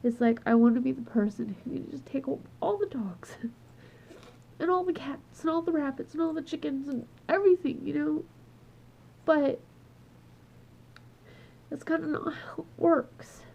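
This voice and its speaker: A woman's voice: high voice, unhurried, creaky, long pauses, dark tone. A woman speaking in an emotional personal vlog, crying and upset, trailing off and restarting as she talks at home. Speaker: vlogger. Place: at home with her dog. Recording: dull lo-fi home recording.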